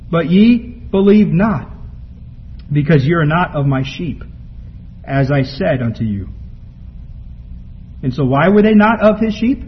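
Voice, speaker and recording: A man preaching a sermon from scripture, building to emphatic peaks and then dropping low and quiet. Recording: muffled lo-fi recording with faint background noise.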